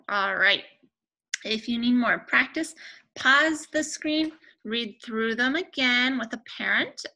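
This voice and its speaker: A young woman teaching a remote lesson to young children, speaking patiently and clearly with pauses between words. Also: on the high side, bright, forceful tone, poor audio.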